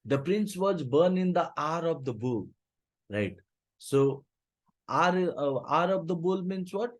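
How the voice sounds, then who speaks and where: Give me a teacher explaining slowly. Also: male voice, a little high, darkish tone. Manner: rereads lines, then paraphrases them with many "means, uh" fillers. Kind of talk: explaining a literature text to a class.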